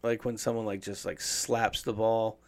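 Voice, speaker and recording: A man co-hosting a casual chat, profane and animated as he riffs. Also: lowish voice, normal speed. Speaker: podcast co-host.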